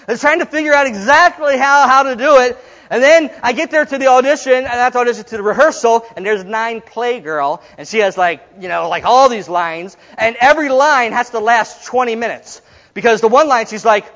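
A man's voice: very high voice, fairly quick, a bit bright. A middle-aged man preaching a sermon, telling a story and acting out the people in it, laughing often. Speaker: pastor. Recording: dull sound in a reverberant hall.

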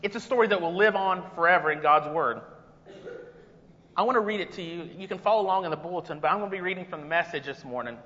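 Filling in at the pulpit, this man speaks in a high, bright, pushed voice at a quick pace, weaving personal anecdotes into a folksy sermon whose energy keeps rising. The church sanctuary gives it a long reverb, and the audio is dull and lo-fi.

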